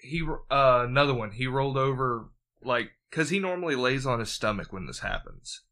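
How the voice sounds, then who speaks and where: A man's voice: mid-range voice, moderate pace, bright, forceful tone. A man who is a guest on a podcast, telling stories in casual chat and swearing freely.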